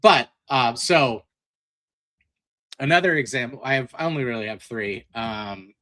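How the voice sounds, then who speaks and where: A man co-hosts a podcast in casual chat, his voice bright and forward at a middle pitch. He talks haltingly, restarting his sentences. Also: dry recording. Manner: halting, laughs often. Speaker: podcast co-host.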